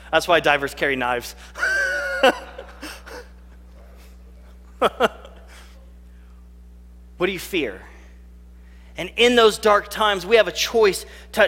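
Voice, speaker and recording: A male pastor with a high, bright, forceful voice delivers an earnest sermon. He drags out the lines he wants to land. His voice rings out with a long reverb, as in a large hall. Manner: earnest, slows right down on key phrases.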